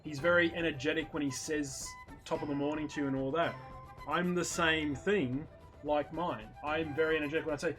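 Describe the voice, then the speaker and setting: A man's voice: on the high side, steady tone, fairly quick, over music, low-quality recording. A man with an Australian accent hosting a live stream, chatting casually and explaining things at length. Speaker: streamer host.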